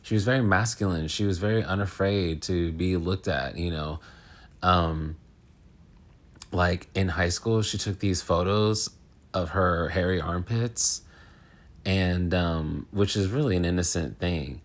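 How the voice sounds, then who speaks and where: A man's voice: low-pitched, fairly even intonation, measured pace. A man who hosts an astrology channel, talking in a rambling, frank, casual monologue full of fillers and restarts.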